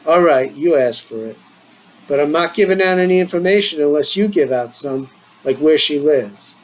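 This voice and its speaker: A man voicing a boastful, defensive teenage boy, in a low, muttered manner. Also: expressive, normal speed, a little hiss or hum, natural voice, low-quality recording.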